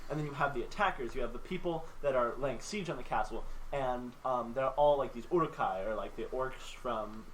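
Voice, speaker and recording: A man's voice: medium pitch, fairly quick, few pauses, slight background noise, rough recording. A man hosting a casual podcast, telling a game story in a rambling way with lots of fillers. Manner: rambling, filler-heavy storytelling, acts out orc lines. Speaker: podcast host. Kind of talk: casual chat. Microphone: home mic on a live stream call.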